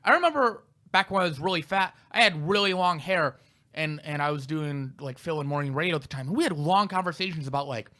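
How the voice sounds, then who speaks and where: Bright-voiced man telling candid stories. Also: on the high side, fast talker. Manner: candid, self-deprecating storytelling. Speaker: comedian co-host. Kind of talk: casual podcast chat.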